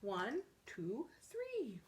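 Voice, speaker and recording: A children's librarian reading aloud to little kids, her higher voice swooping up and down in a bouncy sing-song. She takes her time, stretching out words and counting along slowly. Her delivery is full of playful gasps and delight. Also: wildly swooping pitch. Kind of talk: reading picture books aloud to young children.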